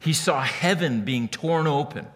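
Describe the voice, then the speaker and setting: A man preaching a sermon in an animated way, often repeating words as he starts a phrase. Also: a little high, measured pace, big-room sound. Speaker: pastor.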